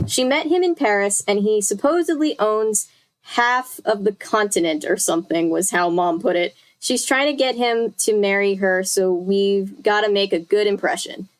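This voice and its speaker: A woman's voice: mid-range voice, normal speed. Chatty young woman reading aloud. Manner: chatty, with self-corrections and asides to chat. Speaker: streamer reading a book aloud. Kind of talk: casual live read-aloud.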